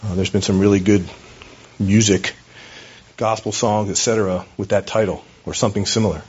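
A man's voice: fairly low pitch, steady tone, brisk, darkish tone, slightly rough, dull audio. A man preaching a sermon as a pastor, in a conversational, storytelling way with hesitations.

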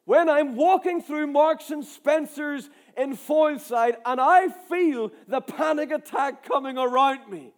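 High-voiced Northern Irish preacher. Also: male voice, measured pace, hardly any pauses. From Ireland. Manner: animated, emphatic, acts out dialogue. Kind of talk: storytelling sermon.

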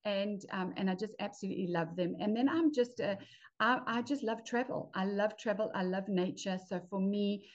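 A woman from South Africa, a podcast guest, talking enthusiastically and warmly about her plans over a video call. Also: medium pitch, normal speed, lo-fi sound. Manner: enthusiastic, upbeat, laughs often. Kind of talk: casual chat.

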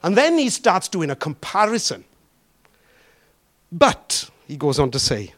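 A man preaching a sermon, drawing out key words and throwing questions to the congregation. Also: on the high side. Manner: animated, drawn-out emphatic phrasing with questions to the congregation.

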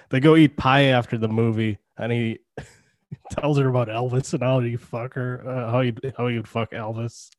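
A man's voice: mid-range voice, steady tone, moderate pace, no echo. Guy rambling about movies, says like a lot, dry close mic sound. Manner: rambling, lots of "like", laughs. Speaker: podcast co-host. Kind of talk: casual movie chat.

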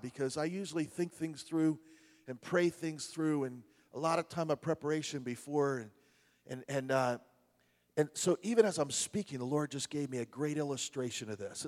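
A man's voice: fairly high pitch, moderate pace, in a large hall. Man with a New York accent preaching. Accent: New Jersey and New York. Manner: chatty storytelling with asides to the congregation, many restarts. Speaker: pastor. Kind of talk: sermon.

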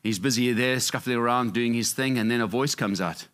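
A man's voice: fairly quick, a bit bright. Passionate male pastor preaching. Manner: passionate, repetitive emphasis, swinging up and down in pitch. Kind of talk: sermon.

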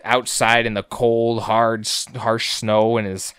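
A man's voice: mid-range voice, flat delivery, slow, fairly bright tone, clear, resonant tone, no echo. A man co-hosting a podcast, recapping episodes in a joking, profane, rambling way. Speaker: podcast co-host. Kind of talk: casual recap chat.

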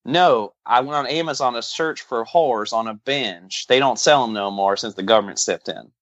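A man co-hosting a casual movie podcast, joking and rambling in a lively way. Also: mid-range voice, normal speed, no room sound, dull audio. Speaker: podcast co-host.

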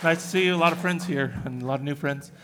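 A man's voice: fairly high pitch, quick pace, a bit bright, slight background noise. A man speaking on a live convention panel, a little out of breath, talking with many hesitant fillers.

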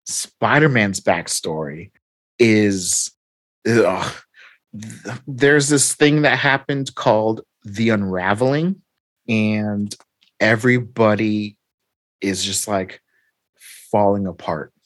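A man in casual chat, retelling a comic story with lively acted-out dialogue. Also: lowish voice, takes it slowly, long pauses, no room sound. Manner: animated retelling, reads captions aloud and acts out dialogue. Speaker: podcast co-host recapping comics.

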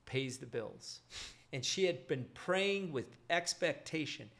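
Gravelly man telling a testimony. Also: fairly high pitch, takes it slowly. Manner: earnest, steady storytelling.

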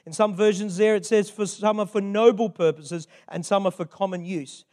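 High-voiced older male preacher. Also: fairly even intonation, normal speed, few pauses, a little mellow. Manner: conversational, chatty preaching with frequent asides. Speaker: pastor. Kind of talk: sermon.

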